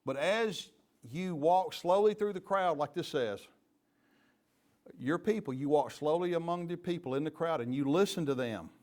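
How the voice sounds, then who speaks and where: A man's voice: fairly high pitch, moderate pace. A middle-aged man, a police chief giving a leadership training talk full of folksy, joking stories. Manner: lively storyteller, folksy and joking.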